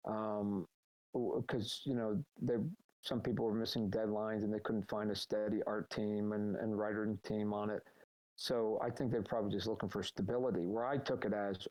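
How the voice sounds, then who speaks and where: A middle-aged man, a guest in a casual live Q&A, telling animated, rambling stories over a voice chat call. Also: lowish voice, moderate pace, rough recording. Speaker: guest answering fan questions.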